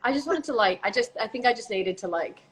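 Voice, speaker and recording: Talking fast with lively intonation, a young woman with an Australian accent giggles through a casual chat streamed live from her phone, sometimes fading into whispers. Her voice is a little high and a bit bright, and the recording is rough.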